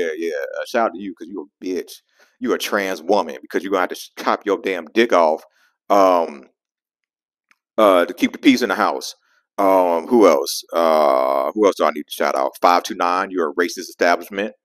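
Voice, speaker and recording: A man telling a profane, animated story on his vlog, full of call-outs and shout-outs, recorded close on a dry mic. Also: sits low, no echo, poor audio. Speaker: vlogger and comedian.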